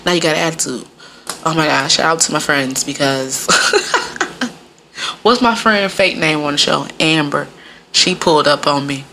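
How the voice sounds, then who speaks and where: A woman telling frank, profane stories in casual chat, full of fillers and sudden jumps in pitch. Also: a little slow, long pauses, bright, forceful tone, slight background noise. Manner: frank and profane, many fillers like "like" and "you know". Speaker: podcast guest or co-host.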